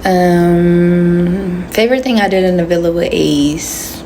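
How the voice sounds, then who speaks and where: Chatty woman with a gravelly edge. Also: fairly low pitch, slow pace, dark tone, slight background noise. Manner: chatty, answering comments with slangy asides. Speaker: livestream host. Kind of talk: casual livestream chat.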